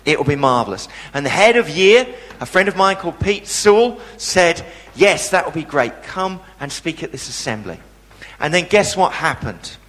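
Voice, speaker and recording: A man's voice: high-pitched, fairly bright tone, in a large hall, poor audio. A man preaching a sermon, telling a story with animation and asking the congregation questions.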